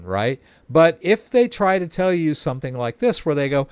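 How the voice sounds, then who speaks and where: A man's voice: fairly high pitch, sing-song, moderate pace, clear, resonant tone, dry recording. A man hosting a casual walkthrough, chatty and explanatory, often checking in with the listener. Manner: chatty, explains with frequent tag questions. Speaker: host. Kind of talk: casual screen-share walkthrough.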